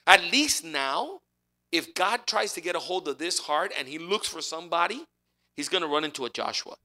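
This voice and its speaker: A man delivers a sermon with a bright, ringing edge to his voice. He preaches conversationally and with animation, slightly higher-pitched than most men. He drops to quiet, intimate asides before climbing back up. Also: animated, fairly quick. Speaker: pastor.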